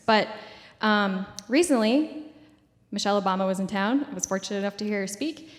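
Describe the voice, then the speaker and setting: A woman's voice: medium pitch, a little fast, long reverb tail. A woman in her twenties giving a casual public talk at a community event, full of "like" and "um" fillers. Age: 20s.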